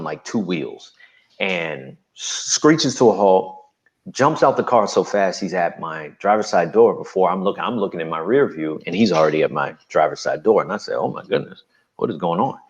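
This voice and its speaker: A man recounting a personal story as an interview guest, animated and acting out quotes. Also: low-pitched, highs cut off.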